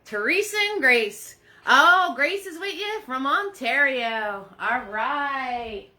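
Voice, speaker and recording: A bright, high-ish woman's voice runs a live painting party, chatty and upbeat. She greets her viewers one by one and talks steadily through the brushwork. She is picked up by a phone sitting in a holder. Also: animated, slow pace. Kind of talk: live-streamed painting class.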